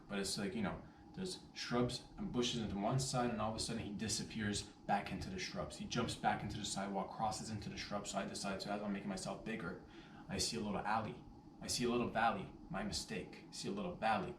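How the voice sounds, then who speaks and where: A man telling a story in a casual vlog, rambling and animated, with playful catchphrases. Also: lowish voice, a little hiss or hum. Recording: roomy echo, distant mic, faint ambience.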